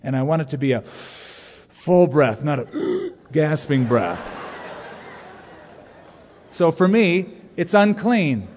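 A man in his forties preaching a sermon to a congregation, joking and animated, leaning hard into emphasis. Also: on the high side, takes it slowly, some chatter behind, a little hiss or hum. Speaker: pastor. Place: large church sanctuary. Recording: long reverb of a large church hall.

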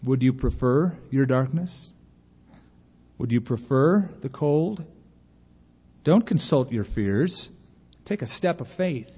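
A preacher voicing a calm, patient stranger. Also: male voice, mid-range voice, takes it slowly, long pauses, husky. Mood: gentle. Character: calm male stranger bringing light, patient. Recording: dull recording with long hall reverb.

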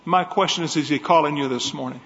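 A man's voice: fairly high pitch, fast talker, fairly bright tone. A man preaching a sermon, telling a story with great passion. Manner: impassioned storytelling. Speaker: evangelist preacher. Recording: dull echoey sound in a large hall.

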